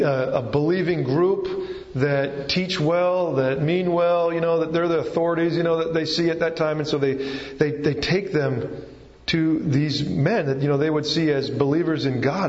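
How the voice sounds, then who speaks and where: A man's voice: a little high, darkish tone. Man preaching in an echoey hall. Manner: conversational, with frequent restarts and fillers. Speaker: pastor. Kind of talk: sermon. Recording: echoey hall, dull lo-fi sound.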